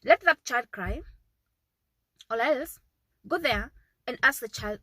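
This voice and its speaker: A woman's voice: on the high side, animated, takes it slowly, long pauses, pushed and bright, no room sound, poor audio. A woman in her thirties giving earnest, repetitive parenting advice to camera, often checking in with "okay?". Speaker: parenting vlogger, mother. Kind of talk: casual advice talk to camera.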